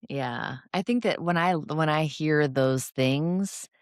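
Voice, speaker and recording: A woman's voice: deep voice, slow, dry recording, studio quality. A woman co-hosting a casual professional podcast chat as an oral surgeon, talking freely and acting out quotes from patients and colleagues.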